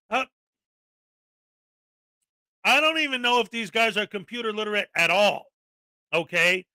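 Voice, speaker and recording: A man hosting a commentary show, ranting sarcastically and often shouting in exasperation. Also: high-pitched, expressive, unhurried, long pauses, dry recording, clean studio sound. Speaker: commentary channel host.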